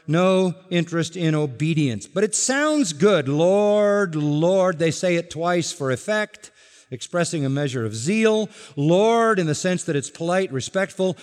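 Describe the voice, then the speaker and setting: A man preaching a sermon as pastor, emphatic, rising to loud declarations and sinking to low, drawn-out endings. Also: big-room sound.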